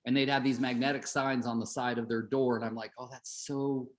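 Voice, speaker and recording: A man's voice: mid-range voice, little pitch movement, quick pace. A middle-aged man coaching real estate agents on a group call, chatty, telling stories and asking the group questions.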